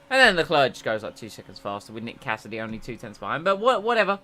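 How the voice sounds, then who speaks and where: Lively, bright-voiced male game streamer. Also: medium pitch, quick pace, few pauses. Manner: jokey, rambling, excitable at race moments. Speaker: streamer playing a racing management game. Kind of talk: casual gameplay commentary.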